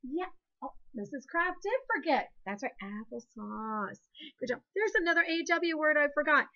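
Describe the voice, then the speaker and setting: A woman's voice: sits high, very animated, moderate pace, pushed and bright, highs cut off. A woman from Ohio with an Ohio accent, teaching a second grade phonics lesson in a patient, encouraging, sing-song way. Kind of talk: phonics lesson, call-and-response with pupils.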